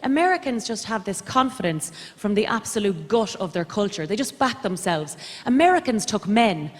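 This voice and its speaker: A young Irish woman performing stand-up comedy on a theatre stage, rambling in a deadpan, self-deprecating way. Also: mid-range voice, normal speed. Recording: reverberant live theatre recording. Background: audience laughter.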